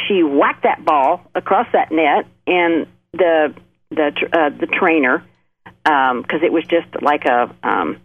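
A middle-aged woman co-hosting a Christian talk show, speaking earnestly and building her points with repeated phrases. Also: low voice. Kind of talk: faith talk, testimony. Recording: tinny phone line.

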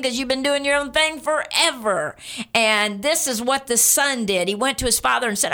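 A woman's voice: a little high, normal speed, pushed and bright. A woman preacher giving a sermon, speaking earnestly and directly to her listeners and repeating key points for emphasis.

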